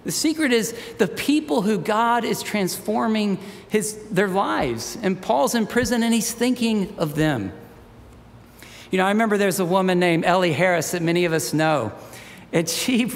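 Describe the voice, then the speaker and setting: A man preaching a sermon as pastor, telling personal stories about his congregation. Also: high-pitched. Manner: personal storytelling, getting choked up. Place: church sanctuary. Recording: church hall reverb.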